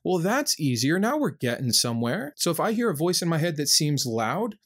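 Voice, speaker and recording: A man's voice: fairly high pitch, big pitch swings, a little fast, a bit bright. A man hosting a reaction video, giving impassioned and earnest critical commentary.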